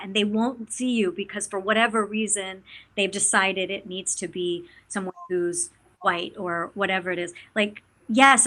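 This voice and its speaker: A woman actor speaks as an interview guest in a loose, animated way. Her tone is bright and forceful. She fills her talk with "you know" and starts sentences over and over. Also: medium pitch. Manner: animated, chatty, many fillers.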